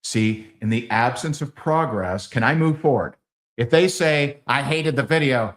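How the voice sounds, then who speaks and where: A middle-aged man leading a live sales training, acting out conversations with big swings in his voice. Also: measured pace. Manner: animated, acts out dialogues with big pitch swings.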